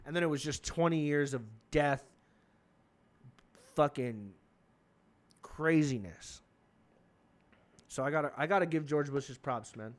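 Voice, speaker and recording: Profane, rambling young man with a high voice. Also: measured pace, long pauses. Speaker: comedy podcast host. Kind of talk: casual comedic monologue.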